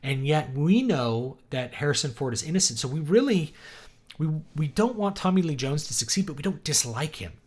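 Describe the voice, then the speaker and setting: A man's voice: fairly high pitch, animated, normal speed, darkish tone, breathy edge. A man from East Texas, an author hosting a casual livestream, chatting enthusiastically and answering viewer questions in loose rambling asides. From East Texas, USA.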